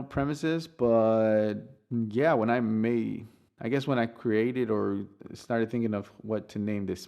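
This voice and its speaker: A man's voice: on the low side, gravelly, a little mellow. A man, a native Spanish speaker, hosting his podcast in a rambling casual monologue, full of restarts and swearing freely. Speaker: podcast host.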